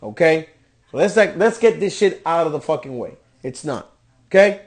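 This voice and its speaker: A man's voice: fairly high pitch, lively intonation, normal speed. A man hosting a podcast, delivering a profane, exasperated rant reviewing a wrestling show. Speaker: podcast host.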